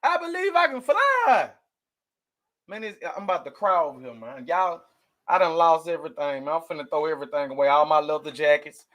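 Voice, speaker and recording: High-voiced man ranting to viewers. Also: fast, fairly bright tone. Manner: rambling, emotional, addresses viewers directly. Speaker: commentary vlogger. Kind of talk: casual news commentary to viewers.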